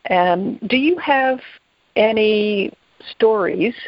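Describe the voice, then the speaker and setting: Female interviewer, calm and attentive, dead-dry dull recording. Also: mid-range voice, no room sound. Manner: measured, attentive, asks careful questions. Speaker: interview host. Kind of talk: podcast interview.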